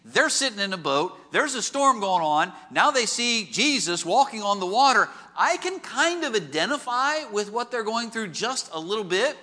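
Male preacher, sermon, animated storyteller, ringing tone with long hall echo. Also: sits high, normal speed, few pauses. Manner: animated storytelling with rhetorical questions. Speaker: pastor. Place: large auditorium.

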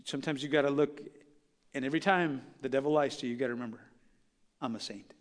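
A pastor preaching a sermon, building to loud, impassioned peaks with repeated emphatic phrases. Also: male voice, mid-range voice, steady tone, racing. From Southern California. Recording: long hall reverb.

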